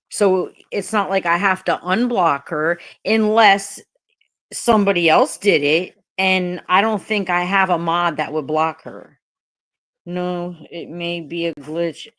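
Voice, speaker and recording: A woman's voice: fairly low pitch, fairly bright tone, dry recording. A woman hosting a casual livestream, chatting bluntly and profanely with her viewers. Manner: blunt and profane, talking straight to the chat. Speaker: livestream host.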